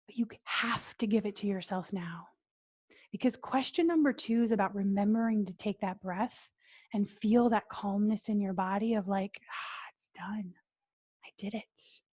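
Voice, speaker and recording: A woman business coach leads a training session at a deliberately slow, calm pace. Her medium-pitched voice is marked by breathy sighs and soft whispered moments.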